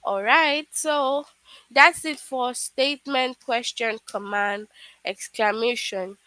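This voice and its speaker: A woman's voice: fairly high pitch, takes it slowly, bright, forceful tone, dry recording, low-quality recording. A woman teaching a live online English lesson to children, explaining patiently step by step with frequent "okay"s.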